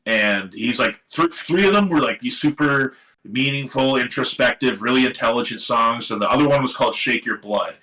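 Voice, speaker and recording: A middle-aged man from Seattle, telling a long story as a guest in a casual live-streamed interview. His voice is bright and forceful, and he talks animatedly, acting out the people in his story and swearing now and then. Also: mid-range voice, normal speed, low-quality recording. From Seattle area. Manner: animated, swearing, quotes others in lively voices. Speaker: guest musician. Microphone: live stream microphone.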